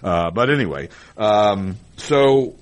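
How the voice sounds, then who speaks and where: A man's voice: fairly low pitch, lively intonation, slow. A man in his fifties with grandkids, hosting a casual car dealership talk show, rambling and joking and laughing at his own gags.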